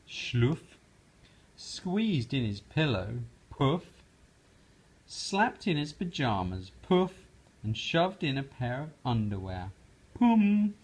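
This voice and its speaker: A father reads a bedtime picture book aloud to his daughter in a gentle, unhurried storyteller's voice. His pitch rises and falls with lots of expression, and the voice has a husky, breathy texture. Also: poor audio. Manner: slow, gentle, lively storyteller.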